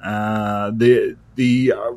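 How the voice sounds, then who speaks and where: A man's voice: fairly low pitch, flat delivery, very slow, darkish tone. A young man with an Australian accent co-hosting a podcast, talking loosely with lots of fillers. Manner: laid-back, rambling with fillers. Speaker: podcast co-host. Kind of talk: casual chat.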